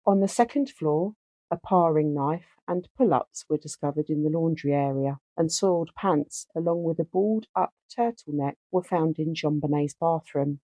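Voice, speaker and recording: A woman's voice: sits low, normal speed, no echo. A woman co-hosting a true-crime podcast, joking and swearing in casual chat, then reading case details aloud. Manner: animated, sweary, reads case notes aloud. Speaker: podcast co-host.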